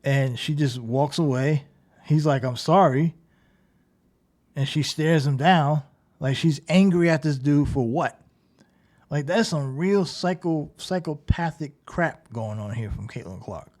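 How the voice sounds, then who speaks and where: This man's voice is fairly high, a little slow and slightly mellow. Chatting casually over gameplay, he fills his remarks with "like" and "right?", repeatedly calling out details in a critical, disbelieving way.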